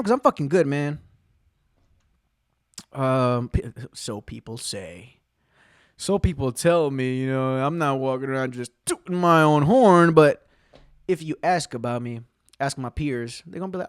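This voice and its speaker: A man hosting his own podcast, telling rambling, profane stories in a casual, excitable way. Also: medium pitch, normal speed, no room sound, studio quality. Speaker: podcast host. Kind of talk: casual solo podcast storytelling.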